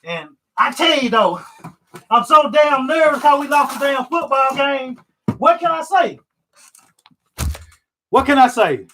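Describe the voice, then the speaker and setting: High-voiced frustrated man ranting. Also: expressive, a little slow, pauses often, pushed and bright, a little hiss or hum, poor audio. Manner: rambling, repetitive, frustrated, swears often. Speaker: sports fan vlogger. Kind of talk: live stream reaction rant.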